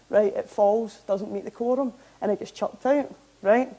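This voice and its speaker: A young Scottish woman giving a public talk, recounting events in a lively, anecdotal way. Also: fairly high pitch, moderate pace, poor audio. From Scotland. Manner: lively anecdotal, animated when amused. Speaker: member of parliament giving a talk. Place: hall, talk to an audience.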